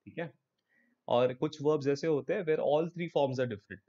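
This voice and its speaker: This young male online English teacher, speaking with an Indian English accent, races through a live class in a slightly high, mellow voice, encouraging students and mixing in Hindi. The recording is muffled.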